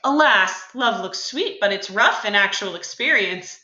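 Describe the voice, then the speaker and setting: A woman's voice: medium pitch, expressive, a little slow, highs cut off. Woman reading a patient young male cousin. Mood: coaxing. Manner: gentle, coaxing questions. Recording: roomy echo.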